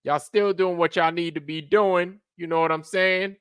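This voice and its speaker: A man's voice: high-pitched, steady tone, normal speed, fairly bright tone, clean tone, dry recording, studio quality. A man hosting a late-night livestream, rambling casually and profanely while answering viewers in the chat. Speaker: livestream host.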